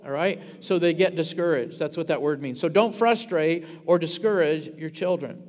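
A male pastor preaching a sermon in a church, animated and quick, stumbling over words and asking the congregation questions. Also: a little high, long reverb tail. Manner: animated preaching with many restarts and audience questions. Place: church sanctuary. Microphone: ringing handheld or stage mic.

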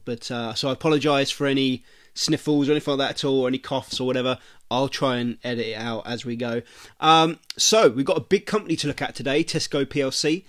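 A man hosting a casual stock analysis vlog, chatty and informal, his voice croaky and nasal from a cold. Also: mid-range voice, no room sound, studio quality. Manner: chatty, informal, talks straight to viewers. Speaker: investing video host.

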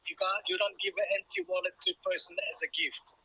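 A man heard through a phone speaker, calmly and patiently explaining to a friend. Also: high-pitched, brisk, slightly rough, dry recording, rough recording.

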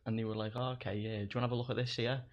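A young man spins stories in easy, casual chat. He swears freely and laughs as he goes, in a mid-pitched voice. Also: level tone, very fast, muffled recording. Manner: swears a lot, laughs through his stories. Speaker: guest comedian.

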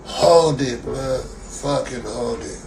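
A man's voice: mid-range voice, slow pace, vocal fry, noisy background. A man delivering a profane, mocking comedic rant, repeating himself for laughs. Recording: echoey room.

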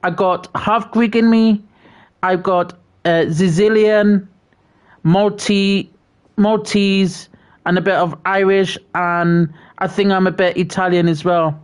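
Livestream host, slow pace, casual chat, stammers and repeats words. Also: medium pitch, steady tone, clear, resonant tone. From Britain. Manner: stammering restarts, repeats words, friendly shout-outs. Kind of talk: casual chat reading out viewer messages.

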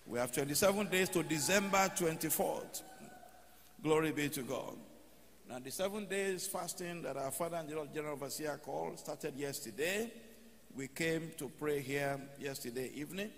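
High-voiced male pastor in a reverberant hall. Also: slight background noise. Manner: preaching with told stories and leading prayer. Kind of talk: sermon. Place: church hall. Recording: long church hall reverb, faint music.

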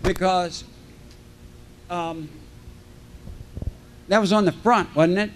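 A man's voice: sits high, fairly even intonation, slow. An older man, a celebrity guest on a convention panel stage, telling rambling, jokey anecdotes that he often breaks off and restarts. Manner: self-interrupting, jokey, acts out quoted voices.

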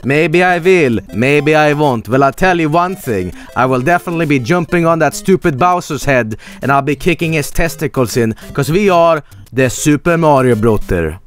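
Goofy Mario brothers with a thick put-on Swedish accent, voiced by a man, slow and overdone. He talks loud and lively, swinging his pitch around. Faint music plays behind. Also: natural voice. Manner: slow, exaggerated, loud comic delivery.

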